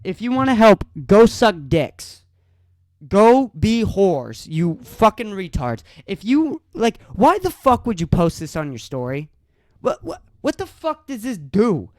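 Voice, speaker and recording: A man's voice: high voice, very animated, normal speed, no echo, clean studio sound. Angry, profane man ranting solo. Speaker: podcast host. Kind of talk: solo podcast rant.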